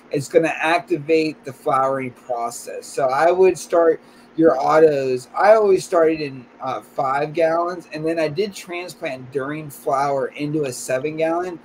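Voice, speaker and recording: A man's voice: a little high, a little hiss or hum, poor audio. A man in a casual chat, talkative and self-deprecating, giving growing advice.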